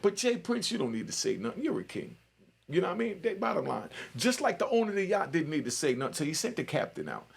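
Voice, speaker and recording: Fast and creaky, slightly rough, with a fairly high pitch that swoops wildly, this man in his 60s hosts a commentary livestream. He spins streetwise stories loosely and keeps asking "you know what I mean."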